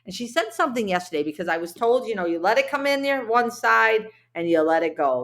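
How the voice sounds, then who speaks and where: This solo motivational podcast host has a medium-pitched, slightly bright voice with lively intonation, talking a little fast with hardly any pauses. She's earnest, heartfelt and chatty, using lots of fillers, and is briefly emotional.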